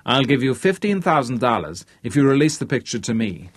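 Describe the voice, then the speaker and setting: A man's voice: medium pitch, big pitch swings, a little fast, no echo. A man voicing a brash, pushy businessman who barks his demands. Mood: brusque. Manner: barking, brusque.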